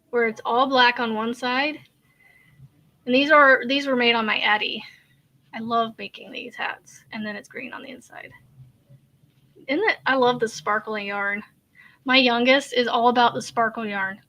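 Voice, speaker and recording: A woman chats casually while crocheting, rambling and hesitant, trailing off into fillers and sighs. Her voice sits a little high and comes across bright and forward. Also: fairly even intonation, normal speed, lo-fi sound. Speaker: crochet channel host.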